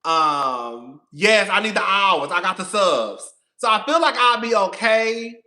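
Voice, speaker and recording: A man hosts a casual live stream for his reality TV commentary channel, talking straight to viewers in a sassy, profane, long-winded way. His voice sits high and sounds pushed and bright; he's animated but unhurried.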